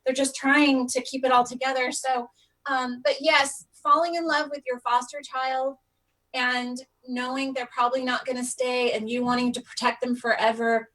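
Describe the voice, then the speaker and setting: A woman hosting a casual live stream, with a voice that sits a touch higher than most. She speaks earnestly and from the heart, addressing her viewers directly. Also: level tone, moderate pace, a bit bright. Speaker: live stream host on foster care.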